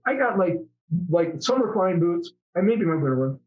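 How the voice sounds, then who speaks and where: A man's voice: high voice, expressive, a little fast. Chatty middle-aged man with muffled sound. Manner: chatty, rambling, many restarts. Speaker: interview guest, former fighter pilot. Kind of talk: casual storytelling interview.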